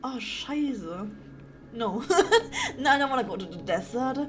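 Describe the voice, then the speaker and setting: A woman's voice: sits high, sing-song, slow pace, faint music behind. A woman from Germany with a German accent, streaming a game with playful, giggly commentary and frequent swearing. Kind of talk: casual gaming commentary.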